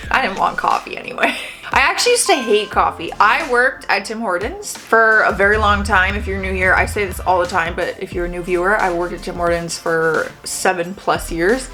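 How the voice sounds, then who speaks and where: A woman in her twenties chatting casually as she reacts to clips, animated and laughing often. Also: medium pitch.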